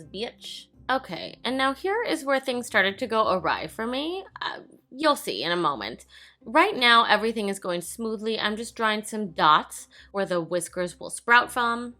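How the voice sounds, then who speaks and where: A woman's voice: mid-range voice, pushed and bright. A woman giving a casual makeup tutorial voice-over, chatty and self-mocking, swearing freely and talking to herself. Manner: talks to herself as an onlooker. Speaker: makeup vlogger.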